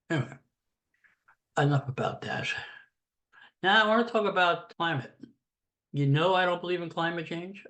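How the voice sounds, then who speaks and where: A man's voice: a little high, fairly bright tone. An older American man giving a blunt, sarcastic, rambling political rant in a casual monologue. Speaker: political commentator.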